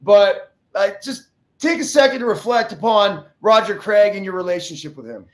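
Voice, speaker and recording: A man hosting a casual podcast interview who asks short, relaxed questions. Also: sits high, moderate pace. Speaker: podcast host. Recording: echoey room.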